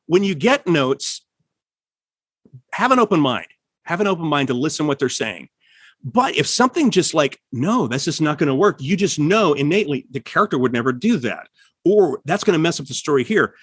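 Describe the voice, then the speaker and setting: A man with a slightly raised, husky voice chats about writing and swings his pitch widely as he plays out what others say. The sound is close and dry, with no room around it. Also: no room sound. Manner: animated, acts out quoted lines with pitch jumps. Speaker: writer and podcast host. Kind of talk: casual podcast chat giving writing advice.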